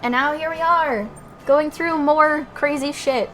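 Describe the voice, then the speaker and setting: A woman's voice: high-pitched, steady tone, unhurried, a bit bright, soft background music. A woman streaming a game, chatting casually in a self-deprecating way and searching aloud for words. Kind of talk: casual gaming commentary.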